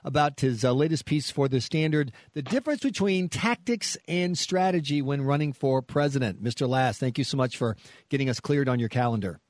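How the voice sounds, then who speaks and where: Lively joking male podcast host. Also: medium pitch, a little fast, no echo, studio quality. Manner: joking, teasing banter. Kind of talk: podcast interview.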